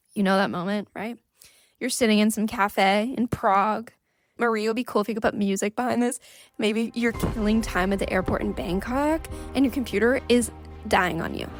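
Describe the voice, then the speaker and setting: A young woman hosting her own podcast in casual chat, playful, with sing-song rises and quick asides. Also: fairly high pitch. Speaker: podcast host.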